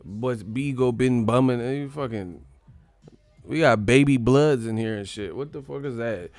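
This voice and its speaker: Man, live-stream host, gravelly, mid pitch, dry close sound, profane joking chat. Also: normal speed, a little mellow, no echo, soft background music. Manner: profane, joking, mocking chat in silly high voices. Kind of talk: casual live-stream chat reading comments.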